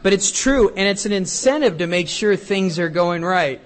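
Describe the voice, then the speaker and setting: A middle-aged male pastor preaching a sermon in a conversational, joking way, reading scripture aloud and swinging between loud and quiet. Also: high voice, animated, normal speed, some chatter behind.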